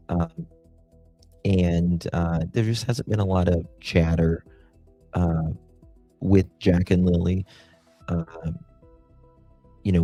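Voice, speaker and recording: A man hosting a true crime livestream, casually greeting and thanking viewers one by one with affectionate pet names, often pausing on fillers. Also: deep voice, warm tone, husky. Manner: halting, many fillers.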